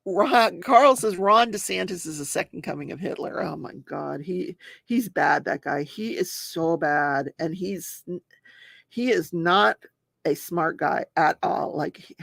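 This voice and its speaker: Gravelly-voiced older woman chatting live. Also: fairly low pitch, takes it slowly, a bit bright, no echo, clean studio sound. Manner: chatty, reads viewer comments aloud, laughs often. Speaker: host of a crafting and true-crime talk show. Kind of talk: casual livestream chat while crafting.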